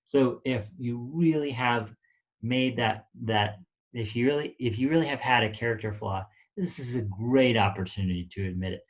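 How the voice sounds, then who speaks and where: Male relationship coach, mid-pitched, loose conversational delivery, lots of ums and restarts. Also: moderate pace, muffled recording. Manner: conversational, many fillers and acted-out example quotes. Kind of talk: casual teaching talk.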